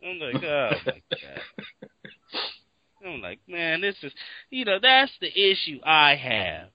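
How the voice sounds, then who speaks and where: A man's voice: a little high, measured pace, no echo. Seattle guy ranting in casual chat, swears a lot, acts out his reactions, dull dry lo-fi audio. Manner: animated, profane, acts out his own reactions.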